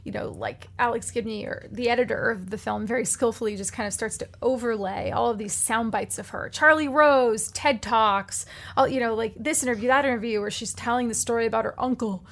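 A chatty woman hosts a podcast interview, her voice sitting a little high. She talks loosely, dropping in fillers as she goes. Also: a little fast, a bit bright. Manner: chatty, uses many fillers like "you know". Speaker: podcast host. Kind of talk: casual interview chat.

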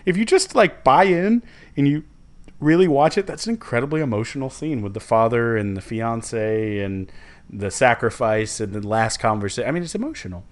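A young man, co-hosting a podcast in casual, rambling, animated chat. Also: mid-range voice, normal speed. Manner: rambling, self-correcting and animated. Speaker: podcast co-host.

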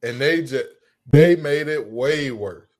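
A man co-hosting a casual sports podcast, joking and trash-talking in an animated, playful way. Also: a little high, slow. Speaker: podcast co-host.

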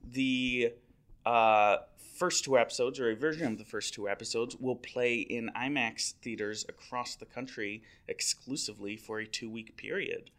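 A man's voice: medium pitch, normal speed, fairly bright tone. A man, an editor, chatting casually on a podcast, self-deprecating and full of fillers and restarts. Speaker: website editor. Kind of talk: casual chat.

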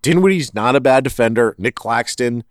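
Man, podcast co-host, casual sports chat, rambling, animated, very dry close sound. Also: mid-range voice, normal speed, dry recording. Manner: rambling, animated, self-correcting.

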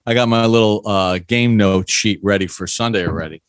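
A man hosting a sports podcast, talking stats in a casual, animated way. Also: lowish voice, brisk, clear, resonant tone, no room sound, studio quality. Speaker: podcast host.

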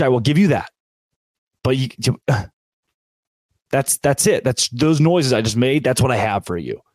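A man's voice: medium pitch, darkish tone, no room sound. A man hosting a sports podcast, ranting with sarcasm and hyperbole in an opinionated, fired-up way.

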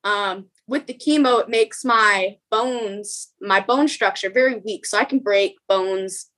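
A young woman, a podcast guest, telling a story in a rapid, emotional way, with many ums and quoted dialogue. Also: mid-range voice, a bit bright, rough recording.

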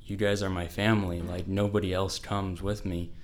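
A man's voice: low-pitched, little pitch movement, normal speed. A teenage boy telling a personal story to an audience, casual and full of "like.". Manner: casual, fills speech with "like".

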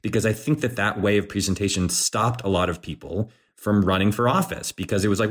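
A man speaking as a guest on a political podcast, animated, acting out quoted voices, with frequent restarts. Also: sits low, a little fast, hardly any pauses.

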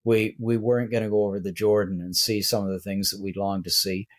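An older man, reflecting on faith in a casual conversation as host, often pausing and restarting. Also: fairly low pitch, little pitch movement. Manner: reflective storyteller, hesitant with many restarts. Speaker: church leader and podcast host.

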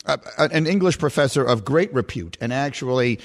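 Lively, animated male sports radio host. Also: medium pitch, fairly quick. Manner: incredulous, teasing, animated. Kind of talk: sports talk radio banter.

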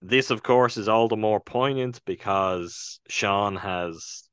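A man's voice: on the low side, slow, fairly bright tone, clear, resonant tone, no echo, studio quality. A man with an Irish accent, co-hosting a casual film review podcast and retelling a film with earnest, thoughtful hesitations. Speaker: podcast co-host reviewing films.

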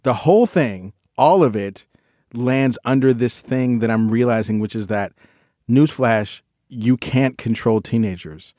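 A man's voice: medium pitch, unhurried, warm tone, no room sound, studio quality. A man co-hosting a podcast, talking casually in a rambling, self-correcting way. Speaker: podcast co-host. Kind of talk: casual chat.

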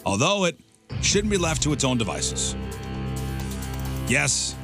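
A man's voice: a little high, very animated, takes it slowly, over music. A man hosting a radio show, reading a segment aloud with laughing asides in casual banter.

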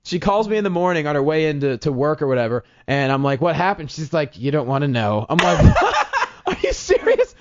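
Comedian guy, kinda high voice, acts out everyone in his story, muffled podcast sound. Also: fast, few pauses. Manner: animated, self-mocking, acts out quotes. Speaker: comedian guest. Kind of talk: casual storytelling chat. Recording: dull lo-fi podcast audio.

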